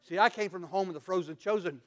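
A man preaching a sermon as pastor, telling stories and swinging from loud to quiet. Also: sits high, quick pace.

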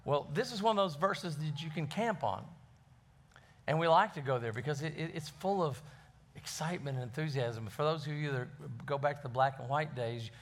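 A pastor delivers a folksy, conversational sermon, frequently repeating words while he searches for the right phrasing. His voice sits on the high side, and he speaks at a moderate pace.

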